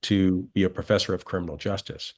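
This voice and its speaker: A man in his sixties, a retired police lieutenant, answering interview questions in a steady, earnest way. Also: sits low, a little fast.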